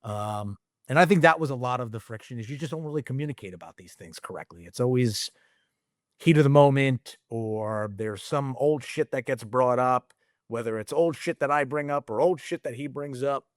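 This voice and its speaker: A middle-aged man speaking as a guest on a candid interview show. His talk is casual and rambling, with frequent fillers and the odd swear word. His voice sits in a middle pitch, recorded dry and close. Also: moderate pace, no room sound. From United States. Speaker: guest entrepreneur.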